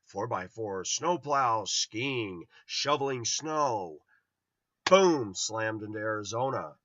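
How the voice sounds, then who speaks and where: Speaking slowly and expressively, with a fairly low pitch and fairly bright tone, a middle-aged man from Los Angeles vlogs a personal storytelling monologue in a blunt, wandering way, acting out quoted voices. There's no room sound on the dull, dry lo-fi recording.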